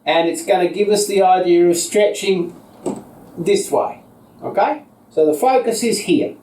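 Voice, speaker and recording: A high-pitched Australian man guides a seated yoga practice, with calm, patient instructions paced to inhales and exhales. His voice is picked up from across an echoey indoor room, so it sounds distant and roomy. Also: unhurried. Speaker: yoga teacher.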